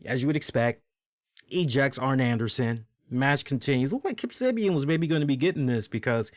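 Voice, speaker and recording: A man hosting a podcast, casually reviewing wrestling in a chatty, profane, animated way. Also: mid-range voice, no echo, clean studio sound. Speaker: podcast host.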